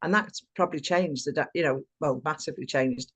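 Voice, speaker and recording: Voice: mid-range voice, a little fast, breathy edge. A podcast co-host with a mid-range voice reflects aloud in an encouraging way. The speech is loosely structured and often ends on rhetorical tag questions that invite agreement. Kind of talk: supportive conversational reflection.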